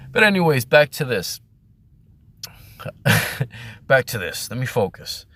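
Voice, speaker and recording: A man's voice: medium pitch, pushed and bright. A man hosting a casual video, rambling and swearing as he talks about old armor and laughs often. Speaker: host. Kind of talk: casual vlog commentary.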